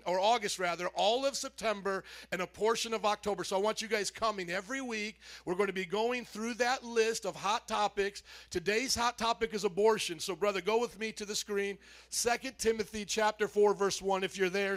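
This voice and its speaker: A man speaking as a pastor, giving a lively, joking sermon introduction in a church and calling on the congregation to answer back. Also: high-pitched. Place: church sanctuary.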